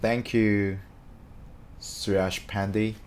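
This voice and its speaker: A man chatting casually on a live stream, reading out viewer comments in an excitable, talkative way. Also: on the low side, extremely slow, slight background noise.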